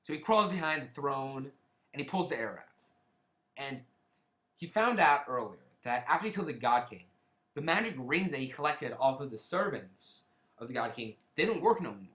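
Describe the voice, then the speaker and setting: A man's voice: mid-range voice, sing-song, moderate pace, sharp tone, roomy sound. A man casually retelling a book's plot in a rambling way, often restarting and hedging. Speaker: book reviewer. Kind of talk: casual spoken plot summary.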